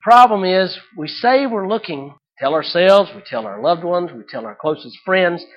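A man preaching a sermon, telling folksy stories with humor, swinging between loud, emphatic peaks and quiet, low asides. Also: expressive, normal speed, dull audio. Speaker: pastor.

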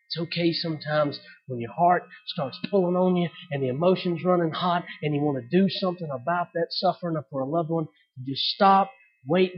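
High-pitched male preacher, dramatic loud-to-soft delivery, dull recording. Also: breathy edge. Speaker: pastor. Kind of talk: sermon.

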